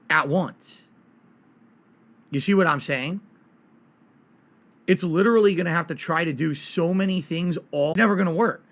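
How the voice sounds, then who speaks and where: A man's voice: on the high side, a bit bright. A man streaming games live, chatting casually and ranting bluntly with plenty of swearing. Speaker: game streamer.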